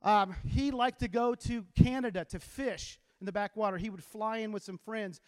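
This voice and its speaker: Man, teacher, high voice, motivational talk, lively storyteller, long hall reverb. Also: moderate pace. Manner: animated storyteller who gets the crowd to repeat lines. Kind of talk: inspirational talk to a live audience.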